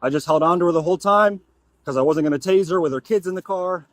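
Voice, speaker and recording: A man's voice: high voice, quick pace. A male police officer giving a matter-of-fact account of an arrest, recorded outdoors on a body camera. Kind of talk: radio and report talk. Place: outdoors by a roadside.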